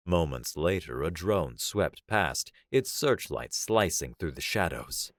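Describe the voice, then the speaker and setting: A man narrates a science fiction story in a measured, dramatic way. His voice is very deep and his intonation moves a lot, at an unhurried pace. The read is dry and close to the mic. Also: very animated, dry recording. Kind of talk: audiobook sci-fi narration.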